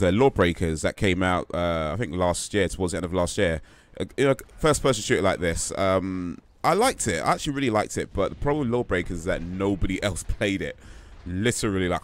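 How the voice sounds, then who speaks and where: A tired man streaming a game, chatting casually and answering viewer comments as he plays. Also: low voice. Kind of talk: casual live-stream chat while gaming. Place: home gaming setup in the UK.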